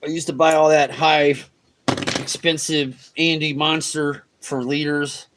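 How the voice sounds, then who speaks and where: Man, slightly high voice, casual cursing chat, riverbank livestream. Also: level tone, unhurried, background noise. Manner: laid-back, swears freely, talks to chat. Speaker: fishing livestream host. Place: outdoors on a riverbank.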